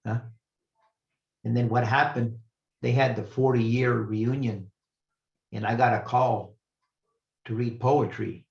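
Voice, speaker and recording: An older man speaks as a guest lecturer, earnest and reflective, often pausing and restarting his sentences. His voice sits at an ordinary pitch. The recording sounds roomy and a little muffled. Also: fairly even intonation, gravelly. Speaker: retired professor, guest speaker. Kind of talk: personal storytelling lecture.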